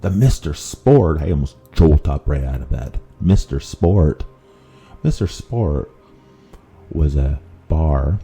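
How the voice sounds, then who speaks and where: A man with a strikingly deep, gravelly voice tells a personal story in a loose, rambling way, full of fillers and restarts. His tone is very dark and low, with faint music under the talk. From Vancouver. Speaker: podcast host.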